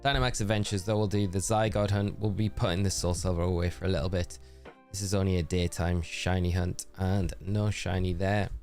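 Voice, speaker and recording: A man's voice: sits low, little pitch movement, fairly quick, a little mellow, soft background music. Upbeat man chatting on stream. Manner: chatty and upbeat, thanking viewers by name. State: tired voice. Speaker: gaming live streamer. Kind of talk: casual live-stream chat while gaming.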